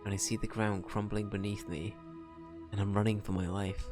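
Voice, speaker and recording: A man reading the lines of an anxious first-time adventurer softly, in his own low voice. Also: flat delivery, moderate pace, over music, lightly acted. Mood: weary. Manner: quiet, subdued reading of game dialogue. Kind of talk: reading game dialogue aloud.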